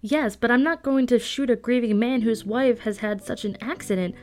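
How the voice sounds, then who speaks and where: A woman's voice: fairly high pitch, moderate pace, a little mellow, faint music behind, pitched above the performer's own voice, close to an everyday voice. A woman reading as a fierce blunt archer. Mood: defiant.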